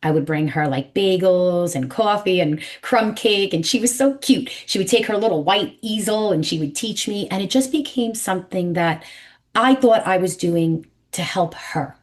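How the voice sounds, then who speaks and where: On a podcast, a New York–accented woman in her forties, a numerologist, recounts her story with emphatic, animated energy, performing the voices she quotes. She speaks at a normal pace with a fairly low pitch.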